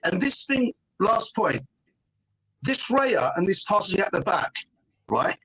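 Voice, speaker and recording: A man's voice: sits high, very animated, slow pace, bright, forceful tone, breathy edge. A middle-aged man, a guest on a fan panel, arguing emphatically in casual chat, forever tossing in "mate" and "right?". He is joining over a phone call.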